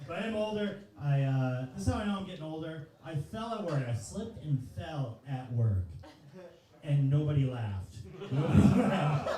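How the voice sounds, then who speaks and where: A man in his thirties rattles through a self-mocking stand-up set, his voice high and swinging widely in pitch. He sounds far from the mic, in a very echoey club. A crowd reacts clearly around him. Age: 30s. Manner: loose, profane, self-mocking. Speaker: stand-up comedian. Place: comedy club stage, live audience.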